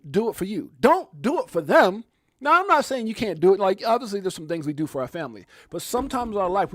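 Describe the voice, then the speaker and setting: A man hosting a live crypto stream, chatting casually and jokily with viewers by name, with excitable loud bursts. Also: on the high side, no room sound, clean studio sound. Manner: excitable, loud outbursts and frequent laughs; jokey, talks to chat viewers by name. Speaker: crypto livestream host.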